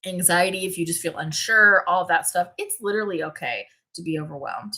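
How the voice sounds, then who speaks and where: A woman's voice: fairly low pitch, fairly quick, bright, forceful tone. A woman hosting a casual livestream, tired and yawning, chatting loosely, laughing often and greeting viewers. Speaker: livestream host. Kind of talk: casual live chat.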